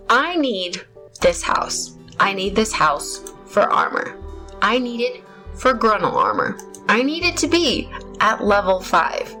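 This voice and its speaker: A woman's voice: mid-range voice, pushed and bright, rough recording. A young woman hosting her gaming channel, talking casually and rambling through her gameplay with self-mocking laughs. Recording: faint music behind voice.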